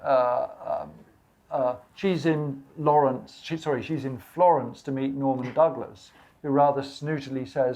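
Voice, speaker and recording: A man's voice: medium pitch, steady tone, unhurried, dark tone, lo-fi sound. A man talking about books at a live bookshop event, rambling with many fillers, restarts and quoted asides. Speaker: guest author. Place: bookshop event before an audience.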